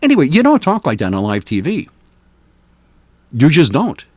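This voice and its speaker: Older male AM radio host, opinionated and chatty with lots of fillers, animated delivery, close dry studio mic. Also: on the high side, normal speed, no echo. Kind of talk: casual talk radio commentary.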